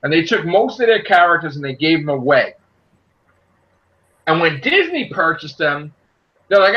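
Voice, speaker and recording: A man's voice: normal speed, pauses often, dull audio. A man hosting a casual group podcast, ranting animatedly and acting out quotes. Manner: animated, ranting, acts out quotes in a high shouty voice. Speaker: podcast host.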